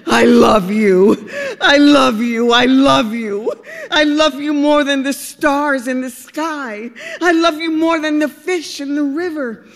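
A woman voicing a lovesick, anxious young male duck in an audiobook, his voice climbing high and breaking as he pleads. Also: expressive, unhurried, few pauses, a bit bright, long reverb tail. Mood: pleading. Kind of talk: audiobook reading.

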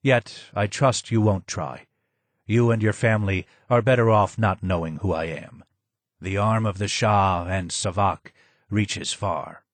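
A ruined older man speaks from the shadows in a low, hoarse voice, as a male reader puts him on. He is slow, subdued and more sad than angry. The sound is dry and close. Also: steady tone, no room sound. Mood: sad, grim. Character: broken, maimed older man, former royal advisor.

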